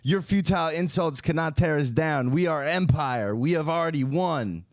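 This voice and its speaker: A man voicing a grandiose theatrical male villain, delivering slow, menacing, melodramatic pronouncements. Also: on the high side, no echo, studio quality, natural voice.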